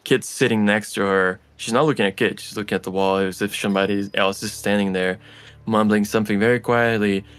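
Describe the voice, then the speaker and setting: A man's voice: fairly low pitch, fairly even intonation, brisk, fairly bright tone, clear, resonant tone. A man narrating a tabletop role-playing game as its game master.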